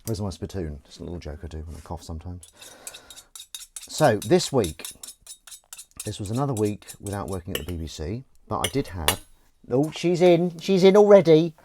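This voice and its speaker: Washing up while hosting a casual livestream, a man with a low-pitched voice talks in an animated, brisk way, with a little hiss or hum in the audio. He rambles and makes self-mocking jokes, full of false starts and wordplay.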